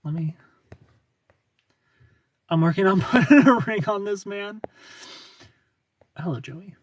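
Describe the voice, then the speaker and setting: A man's voice: sits high, expressive, takes it slowly, distant mic, slight background noise. A British man speaking in a put-on American accent, chatting casually on a livestream and reading viewer comments aloud. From Britain. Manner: chatty, reads comments aloud, laughs often. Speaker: livestream host answering chat.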